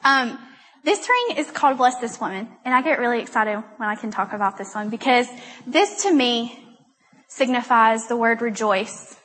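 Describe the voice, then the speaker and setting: A woman's voice: fairly high pitch, a bit bright. A young woman giving a rambling, self-deprecating testimony talk at a church gathering. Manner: chatty, rambling, self-deprecating and quick to laugh. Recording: long reverb of a hall.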